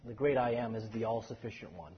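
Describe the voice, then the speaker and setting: A man teaching a Bible study class, lively and explaining, calling on the group for answers. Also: lowish voice, quick pace, husky. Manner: animated, takes questions from the class. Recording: echoey hall, dull lo-fi sound.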